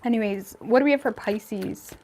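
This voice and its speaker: A woman's voice: fairly high pitch, normal speed, very noisy. A woman giving a casual tarot reading, frank and chatty, thinking aloud with plenty of fillers as she goes. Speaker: tarot reader.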